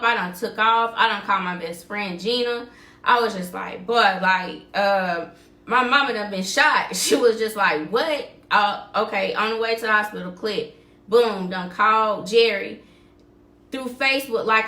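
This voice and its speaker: A woman's voice: mid-range voice, bright, forceful tone, reverberant. A woman hosting a podcast, telling a story in casual talk and acting out what people said. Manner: vivid retelling, acting out quoted dialogue. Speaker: podcast host.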